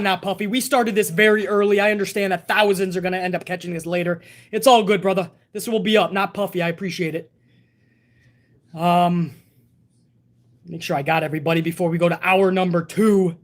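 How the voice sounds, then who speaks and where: On his live stream, a man with a high, fairly bright voice chats casually and swears freely. He keeps the banter relaxed while reading and answering viewer messages.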